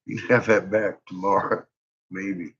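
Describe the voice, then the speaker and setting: A man's voice: low voice, fairly even intonation, measured pace, a bit bright. A middle-aged father telling stories about his son in casual chat, laughing often and swearing freely. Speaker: vlogger, father. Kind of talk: casual storytelling. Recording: dull lo-fi sound.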